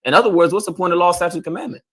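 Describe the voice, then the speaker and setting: Forceful, high-voiced man preaching hard. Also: very fast. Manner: lecturing, repeats "You understand?". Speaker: street preacher. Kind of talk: confrontational sermon.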